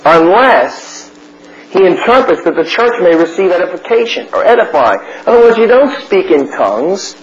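Blunt, high-voiced male Bible teacher. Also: big pitch swings, normal speed. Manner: asks questions and answers them himself, blunt. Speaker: preacher teaching a Bible study. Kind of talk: sermon. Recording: muffled recording with faint noise.

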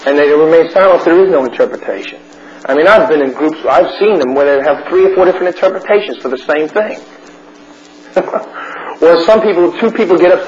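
A man with a high voice teaches through a Bible chapter in sermon style. He is blunt and fires questions at his listeners, then answers them himself. The recording is a little muffled, with a faint hiss underneath. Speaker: preacher teaching a Bible study.

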